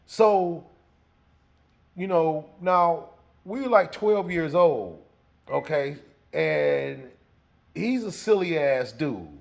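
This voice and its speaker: A man telling a story in a casual way, animated and laughing as he acts out the scene. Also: fairly high pitch, very slow, creaky, pauses often.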